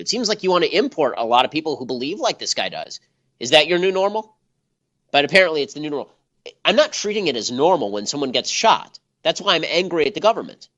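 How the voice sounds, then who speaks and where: Rapid-fire scornful male commentator. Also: fairly high pitch, fairly bright tone, lo-fi sound. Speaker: political commentary host. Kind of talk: combative commentary monologue.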